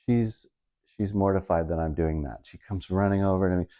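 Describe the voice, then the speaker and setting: This middle-aged stand-up comedian speaks at a moderate pace in a deep, warm voice. His storytelling is casual and rambling, full of self-mockery about daily married life.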